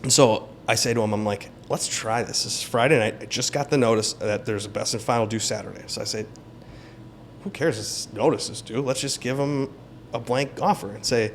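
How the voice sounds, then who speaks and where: A man's voice: mid-range voice, brisk, slight background noise. A man being interviewed as a realtor, telling a story in casual talk and acting out the quoted lines. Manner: animated, acts out quoted dialogue. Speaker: realtor guest.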